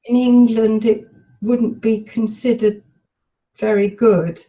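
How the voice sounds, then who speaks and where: A woman volunteering in a therapy demonstration, tearfully recalling a memory aloud in the present tense with halting, stop-start phrasing over webinar call audio. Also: fairly high pitch, flat delivery, warm tone, poor audio. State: tearful, emotional.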